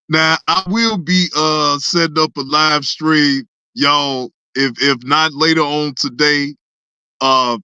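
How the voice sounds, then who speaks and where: This is a reaction channel host teasing chat viewers in loose, casual commentary. The delivery is unhurried yet excitable, full of laughter and words repeated in bursts. The voice sounds bright and close, in a dry space with almost no room echo. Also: medium pitch, clean tone.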